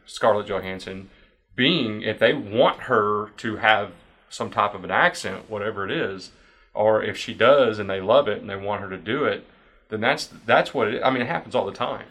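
A man speaks in a low, bright, forceful voice. He rambles through his points in a casual podcast chat and leans on fillers as he circles back. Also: moderate pace, husky. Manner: rambling, repeats himself with fillers. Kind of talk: casual panel discussion.

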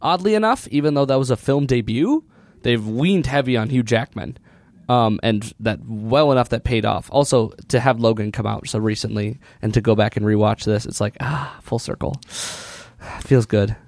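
A man's voice: mid-range voice, moderate pace, darkish tone, dry recording. A man co-hosting a casual movie review chat, talking animatedly, laughing often and acting out mock quotes. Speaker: podcast co-host.

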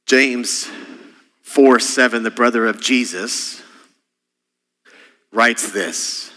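A middle-aged man preaching a sermon as senior pastor, impassioned, with sudden soft drops. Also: medium pitch, lively intonation, very slow, pauses often, long reverb tail.

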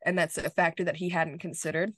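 A woman's voice: on the low side, flat delivery, quick pace, fairly bright tone, slightly rough, no echo, clean studio sound. A woman co-hosting a podcast, recapping an episode in a casual chat as an enthusiastic fan, talking in loose run-on phrases. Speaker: podcast co-host.

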